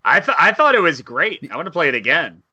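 A man's voice: fairly high pitch, very animated, fast, pushed and bright, slightly rough, muffled recording. A man bantering in an upbeat, giggly way during a casual stream chat. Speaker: co-host.

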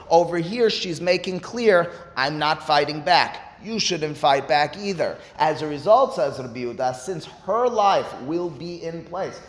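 A man giving a Talmud study lecture, explaining step by step and posing rhetorical questions to his listeners. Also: on the high side. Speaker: Talmud teacher. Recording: echoey hall with long reverb.

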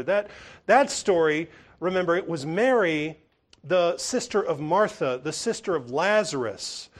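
Man preaching with a lively, animated voice. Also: fairly high pitch. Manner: storytelling, animated retelling with small restarts. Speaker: pastor. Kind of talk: sermon.

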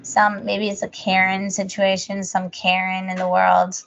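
Chatty rambling woman with a gravelly edge. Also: mid-range voice, monotone, a little slow, a bit bright, slight background noise. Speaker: podcast co-host. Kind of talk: casual chat. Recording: muffled lo-fi audio.

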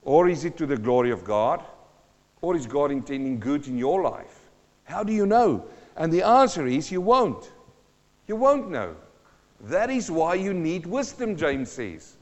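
High-voiced preacher in a reverberant hall. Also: male voice, very animated, a little slow. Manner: emphatic preaching with repeated phrases and rhetorical questions. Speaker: pastor. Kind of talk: sermon. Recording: dull sound with long hall reverb.

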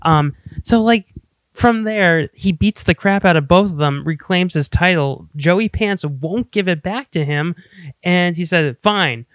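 Smooth-voiced man in casual chat. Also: sits high, measured pace, no room sound. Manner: joking, laughs, mimics actors. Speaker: podcast co-host.

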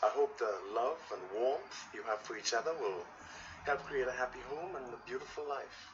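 An actor playing a warm male friend giving a wedding toast, earnest and gently joking. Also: medium pitch, expressive, normal speed, natural voice. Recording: muffled, distant TV audio with faint hiss.

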